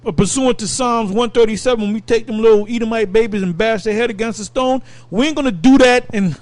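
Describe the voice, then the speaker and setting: A man with a high-pitched voice preaches with heat, pressing each point hard and breaking into laughter now and then. The sound is close and dry, with no room around it. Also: fast, hardly any pauses, dry recording. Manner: animated, emphatic, laughs between points. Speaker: Bible study leader. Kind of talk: fiery preaching commentary.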